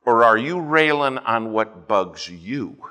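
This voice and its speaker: A man preaching a fervent sermon, swinging between loud emphasis and hushed asides as he tells a story. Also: mid-range voice, expressive, slow. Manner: storytelling with quoted dialogue.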